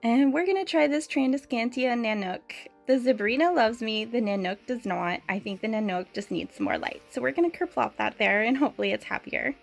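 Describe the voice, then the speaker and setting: Chatty giggly woman, fairly high voice. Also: big pitch swings, fairly quick, creaky, hardly any pauses, soft background music. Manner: chatty and giggly, frequent small laughs. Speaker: plant vlogger. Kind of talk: casual DIY vlog narration.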